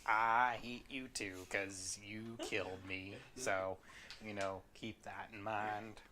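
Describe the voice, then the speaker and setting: A sardonic spirit who delights in violence, speaking gleefully, voiced by a man at a tabletop game. His voice sits low and dry in tone. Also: little pitch movement, slow pace, a crowd in the background. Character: gleeful murderous spirit, male.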